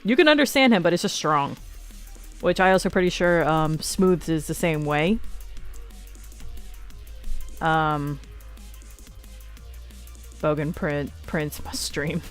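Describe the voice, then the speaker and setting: A woman's voice: low voice, slow pace, long pauses, soft background music. A woman hosting a live stream show, chatting casually, swearing freely and laughing often. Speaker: livestream show host. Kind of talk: casual chat.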